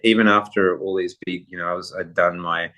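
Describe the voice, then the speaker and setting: A middle-aged man with a very low voice that stays level and barely rises or falls. He tells long, rambling anecdotes in a relaxed, casual way as a podcast guest. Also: brisk. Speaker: guest photographer. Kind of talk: casual interview storytelling.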